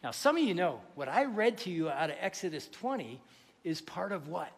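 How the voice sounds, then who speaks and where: Pastor guy preaching, pretty high voice, jokey, quizzes the crowd, big hall echo. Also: moderate pace, vocal fry. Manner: lively, joking, asks the congregation questions. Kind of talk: sermon. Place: church sanctuary.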